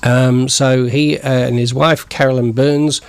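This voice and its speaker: Gravelly older man, rambling and jokey. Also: medium pitch, level tone, measured pace. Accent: New Zealand with northern English traces. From north of England. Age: 60s. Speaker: studio guest. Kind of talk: casual chat. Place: community TV studio.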